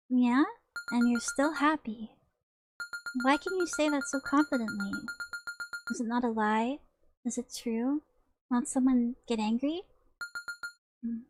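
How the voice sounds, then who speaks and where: A high, light voice of a strange, childlike young woman under suspicion, as a woman reads her lines aloud. She speaks softly and haltingly, asking one naive question after another. Music plays clearly underneath. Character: odd, childlike young woman murder suspect. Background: background music.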